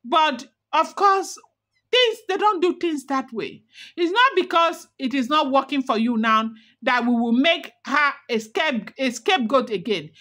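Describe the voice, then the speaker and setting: A woman's voice: high voice, lively intonation, a little slow, pushed and bright. Dramatic woman retelling gossip. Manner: dramatic, repetitive, emphatic. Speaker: celebrity gossip vlogger. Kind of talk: storytelling gossip narration.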